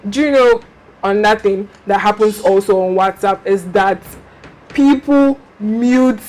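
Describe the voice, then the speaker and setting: A young woman from Nigeria hosts a relaxed talk show. She tells stories with lots of animation and acts out the messages people send her. Her voice sits at a middle pitch. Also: unhurried. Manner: animated storytelling, acting out messages. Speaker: host. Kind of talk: casual chat.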